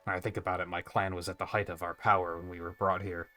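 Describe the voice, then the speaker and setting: A man's voice: low voice, level tone, fast talker, sharp tone. A man reading aloud the lines of a weary exiled clan survivor in a video game, in a plain, thoughtful tone. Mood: reflective.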